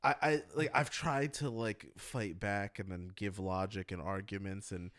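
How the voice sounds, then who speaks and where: A young man co-hosting a podcast, talking in an animated, sarcastic, swearing way. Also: lowish voice, a little slow, dry recording, clean studio sound. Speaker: podcast co-host. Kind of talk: casual crude banter.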